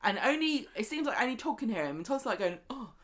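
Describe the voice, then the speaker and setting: A woman co-hosting a casual chat show, recapping a soap and acting out the characters' lines in lively bursts. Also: fairly high pitch, quick pace. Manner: chatty, acts out characters' lines in animated bursts. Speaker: podcast co-host.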